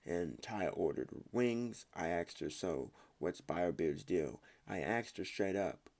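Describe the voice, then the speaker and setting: A man's voice: deep voice, expressive, slow pace, a little mellow. A man reading online stories aloud in a casual way, stumbling over words and breaking off to comment on his own reading.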